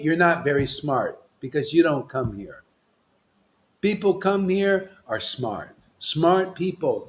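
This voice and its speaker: Guy preaching a devotional sermon, kinda high voice, scolding, goes loud then drops to a hush. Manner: scolding and emphatic, swinging from loud to hushed. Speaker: spiritual master.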